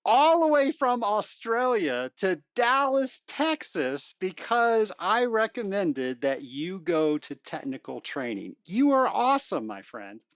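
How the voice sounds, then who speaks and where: Woman podcast host, energetic and playful, lively pitch, dry close mic. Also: slow pace, few pauses, no echo. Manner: upbeat, playful, swings in pitch.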